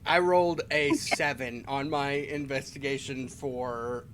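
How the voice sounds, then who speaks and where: A man's voice: medium pitch, fairly even intonation, measured pace, over a noisy crowd. A man taking part as a player in a tabletop game, talking casually and hesitantly with many restarts and fillers.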